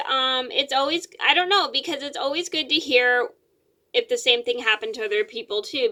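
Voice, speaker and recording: Young woman vlogging, rambly and repeats herself, bright voice pitched a bit high. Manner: rambling, repeats words, many fillers. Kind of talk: casual storytelling to camera.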